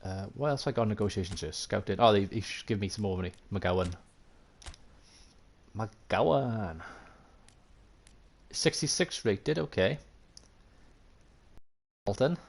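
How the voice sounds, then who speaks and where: A Welsh man live-streams a football management game, thinking aloud and chatting with viewers in a casual, self-mocking way. His fairly low voice is expressive, brisk and creaky, and he pauses often.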